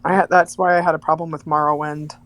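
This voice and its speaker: Woman, lowish voice, dry sarcastic humor, casual podcast co-host. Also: level tone, quick pace. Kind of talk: casual chat.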